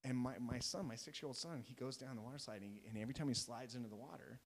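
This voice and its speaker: A man's voice: mid-range voice, very fast, crowd noise. A man in his thirties, a youth soccer coach, chatting casually and acting out quotes as he tells stories. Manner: animated storyteller, acts out quotes. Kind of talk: casual podcast chat.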